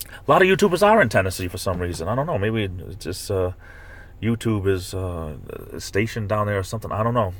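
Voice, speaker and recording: Man, live streamer, low-pitched, chatty and rambling, playful mock outrage. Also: animated, a little fast, fairly bright tone. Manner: rambling, chatty, with repeated fillers and restarts; bursts into high-pitched mock outrage when ranting. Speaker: live stream host reading chat. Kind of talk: casual live stream chat.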